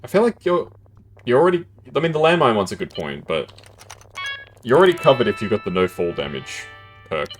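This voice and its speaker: A man's voice: medium pitch, very animated, fairly quick, pauses often, soft background music. A man casually commentating his gameplay as a streamer, chatty and laughing often, with keyboard typing close to the mic.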